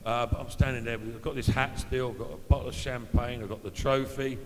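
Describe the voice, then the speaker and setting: Guy in his 50s spinning footy stories at an evening do, mid pitch, hall echo. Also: steady tone, brisk. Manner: chatty anecdotal storyteller, acts out quoted voices. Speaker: former footballer telling stories at an evening event. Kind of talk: after-dinner storytelling.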